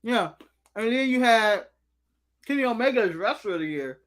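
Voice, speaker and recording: High, bright-voiced American man ranting. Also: moderate pace. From United States. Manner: animated ranting, snacking while talking. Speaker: co-host. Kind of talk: casual live-stream chat.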